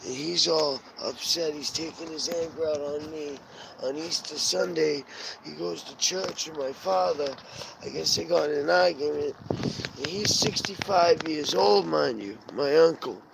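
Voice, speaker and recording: A man's voice: on the high side, unhurried, creaky. A man vlogging a rambling, agitated personal monologue, swearing constantly. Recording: noisy home recording.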